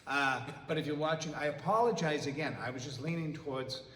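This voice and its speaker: A man's voice: a little high, fairly quick, fairly bright tone. A middle-aged man, a parish priest hosting a casual web show, joking and laughing often. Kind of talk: casual chat. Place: parish house room. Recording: echoey room, mic at a distance.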